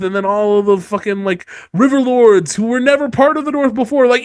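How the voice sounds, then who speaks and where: A man hosting a casual book podcast, animated and laughing often as he acts out characters. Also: sits high, fast, hardly any pauses, dry recording, clean studio sound. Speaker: podcast host. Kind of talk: casual book discussion chat.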